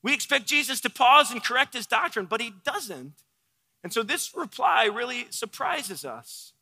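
A man preaching in an earnest, explanatory way and putting questions to his listeners. His voice sits very high and sounds very bright and sharp. A long reverb trails each phrase, as in a church hall. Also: very animated, normal speed, husky. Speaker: pastor. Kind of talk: sermon.

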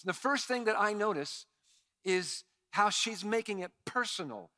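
Animated high-voiced male preacher. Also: a little slow, no echo, clean studio sound. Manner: animated preacher, acts out quoted lines with big swings in loudness. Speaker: pastor. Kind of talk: sermon.

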